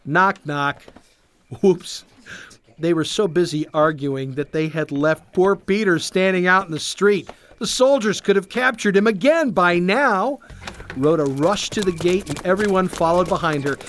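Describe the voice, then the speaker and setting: A storyteller narrating a Bible story for children in an expressive, read-aloud manner. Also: medium pitch, normal speed. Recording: faint background music.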